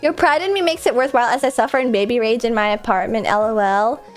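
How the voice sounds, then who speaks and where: A woman's voice: fairly high pitch, quick pace, soft background music. A woman streamer chatting casually with a stuffy, congested nose, rambling and laughing often. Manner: rambling, filler-heavy, frequent laughs.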